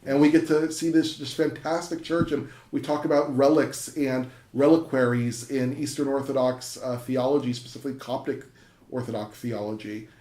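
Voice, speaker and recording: A man's voice: mid-range voice, fairly even intonation, normal speed, mellow. A man, a university professor, telling an interviewer a story with enthusiasm, full of fillers and restarts. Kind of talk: interview conversation. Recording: echoey room.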